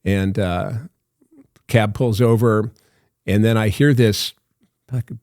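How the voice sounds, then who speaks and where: A man's voice: lowish voice, steady tone, slow pace, darkish tone, dry recording, clean studio sound. Older man telling a rambling story. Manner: rambling anecdotes with many fillers and laughs. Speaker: actor guest. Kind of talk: storytelling in a podcast interview.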